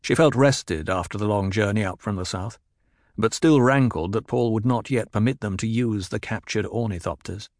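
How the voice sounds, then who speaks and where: A man reading a novel aloud in an even, measured narration. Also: on the low side, no echo, studio quality. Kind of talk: scripted audiobook narration.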